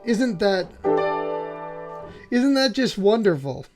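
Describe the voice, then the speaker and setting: A man's voice: high voice, sing-song, takes it slowly. A man hosting a piano channel, walking through music theory with enthusiasm and often checking in with "right?". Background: faint piano playing.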